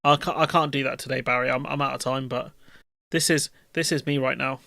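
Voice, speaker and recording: A man's voice: medium pitch, fairly even intonation, a little fast, gravelly, bright, forceful tone, no echo, clean studio sound. A man, hosting a live stream and chatting casually with his viewers in a jokey, rambling, slangy way.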